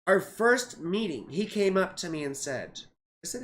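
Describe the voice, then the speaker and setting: Lowish and very animated, her voice holds a moderate pace. She's a goofy, rambling astrologer from the United States in her forties, chatting casually through live chart readings on a livestream, cursing freely and seeming tired, yawning, and out of it.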